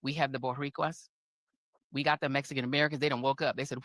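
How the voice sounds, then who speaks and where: A woman's voice: rumbling low, level tone, quick pace, fairly bright tone, no echo, studio quality. A woman on a talk show giving an impassioned monologue, fiery and rhetorical, hammering home repeated phrases and slipping into mocking voices.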